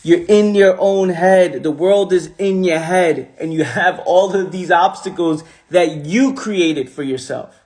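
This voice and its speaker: A man with a fairly high voice speaks into his phone on a livestream and gives a motivational talk. He hammers each point by repeating it, with a preachy, casual delivery full of street slang. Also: a little slow, a little mellow. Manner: repetitive, emphatic, preachy.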